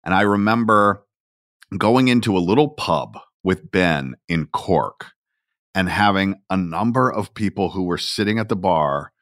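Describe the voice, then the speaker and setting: Deep, slow-talking male podcast host. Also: lively intonation, fairly bright tone, dry recording, clean studio sound. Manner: reflective, unhurried storytelling. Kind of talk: casual podcast talk.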